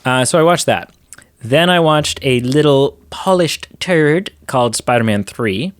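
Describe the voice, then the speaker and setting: A man's voice: mid-range voice, animated, a little slow, clean tone. A man co-hosting a podcast, chatting casually and enthusiastically about movies, rambling with restarts. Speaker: podcast co-host.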